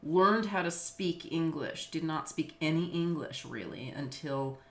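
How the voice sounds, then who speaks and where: A middle-aged woman from Los Angeles, United States, who teaches business law speaks in a low voice at a measured pace. She chats casually on a video call, using lots of fillers and laughing easily. The room sounds echoey.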